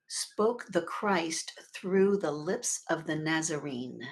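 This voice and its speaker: A woman minister giving a sermon in a conversational, expressive way, swelling and dropping her volume and leading the congregation in repeating words together. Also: deep voice, takes it slowly, few pauses. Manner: expressive with sudden swells and drops in loudness.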